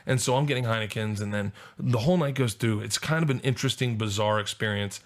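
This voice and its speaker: Animated man telling a comic story. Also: fairly low pitch. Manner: animated, laughing, rapid bursts. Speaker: podcast guest.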